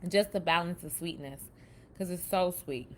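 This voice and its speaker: A woman's voice: lowish voice, moderate pace, noisy background. Woman host chatting loose then reading affirmations hard, self-help vibe. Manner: chatty, reads affirmations with emphasis, says "baby" and "y'all". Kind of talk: casual spoken self-help talk.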